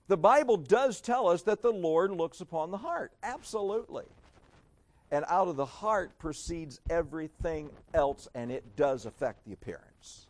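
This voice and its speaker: A man preaching a sermon in an emphatic, sarcastic way, dropping to a hush and then rising again. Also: a little high, sing-song, normal speed. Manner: emphatic, sarcastic, swings between loud and hushed.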